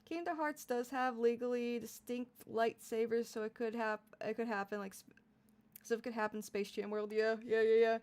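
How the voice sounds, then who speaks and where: Young adult female streamer, slightly high voice; loose, giggly, rambling live chat. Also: fairly even intonation, moderate pace, darkish tone, clear, resonant tone. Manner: giggly, rambling, laughs often. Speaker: VTuber streamer.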